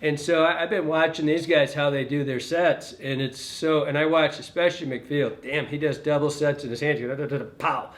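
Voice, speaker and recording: A middle-aged man with a slightly high voice talks through a hands-on tying demonstration. He rambles in a folksy way and keeps correcting himself. It is unscripted and relaxed, like an instructor talking to a camera over his vise. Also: normal speed, few pauses.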